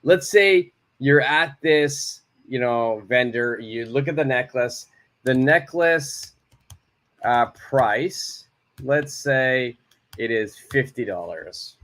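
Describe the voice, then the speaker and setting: A man teaching an online English lesson, repeating example phrases slowly and clearly. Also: mid-range voice, a bit bright.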